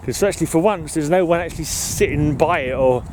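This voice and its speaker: A man's voice: a little high, fairly quick, darkish tone, a little hiss or hum. Breathless, sweary man walking outdoors. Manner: rambling, sweary, chuckling. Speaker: podcast host. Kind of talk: casual walking vlog monologue. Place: outdoors in an urban park.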